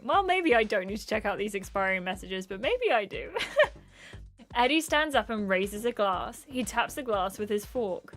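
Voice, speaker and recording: A woman's voice: mid-range voice, fairly bright tone. A young woman livestreaming a dating game, chatting in a gushing, rambling way and thanking viewers. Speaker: gaming streamer. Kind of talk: casual live game commentary.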